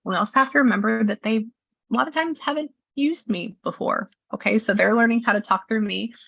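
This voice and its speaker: A woman's voice: a little high, a little fast, vocal fry, sharp tone. Chatty Southern woman on a dull video call. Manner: chatty, rambling, full of filler words. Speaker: psychic medium. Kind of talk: casual chat on a video session. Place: her new studio.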